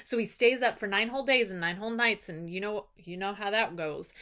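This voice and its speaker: Bright lively woman teacher, kinda high voice, acts out the characters as she recaps. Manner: animated, acts out characters in quick asides. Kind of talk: casual lesson recap.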